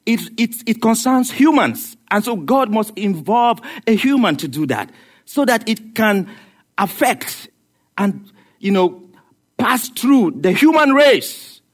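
A male preacher with a high-pitched voice delivers a sermon. He talks in an animated, rhetorical style, asking questions and joking along the way. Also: takes it slowly. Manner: animated, rhetorical, laughs at his own jokes.

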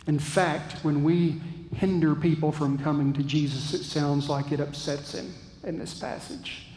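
Slow, earnest preacher in echoey church. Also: male voice, on the high side, fairly even intonation, a little mellow, slight background noise. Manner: reflective, earnest preaching with pauses. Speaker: pastor. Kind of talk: sermon.

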